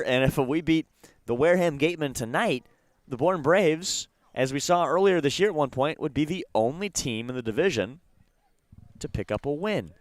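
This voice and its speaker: A young man calling baseball play-by-play, briskly calling each pitch between talk of the standings. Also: no echo. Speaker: play-by-play announcer.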